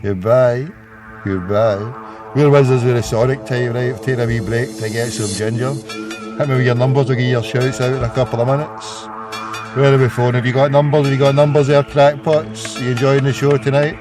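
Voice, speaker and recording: A man's voice: medium pitch, steady tone, fairly quick, over music. A Scottish man hosting a call-in radio show, rambling and jokey, with a lot of stumbling restarts. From Scotland. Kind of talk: casual call-in radio chat.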